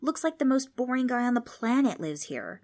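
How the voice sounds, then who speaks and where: A woman voicing a bossy, fearless young girl in a storybook reading, brisk and commanding. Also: on the high side, big pitch swings, darkish tone, voice pushed up. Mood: puzzled.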